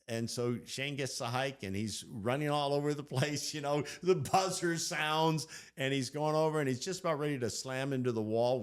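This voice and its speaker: A middle-aged man co-hosting a faith podcast, telling stories in an animated, excited way. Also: mid-range voice. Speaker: podcast co-host. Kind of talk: casual storytelling chat.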